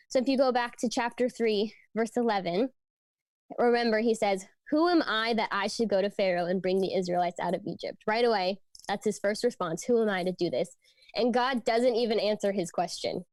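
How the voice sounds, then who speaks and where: A woman's voice: fairly high pitch, a little mellow, no echo. Young woman giving a chatty youth talk. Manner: conversational, frequent fillers like "like" and "um"; earnest, teaching from scripture. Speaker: youth ministry speaker. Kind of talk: casual youth sermon.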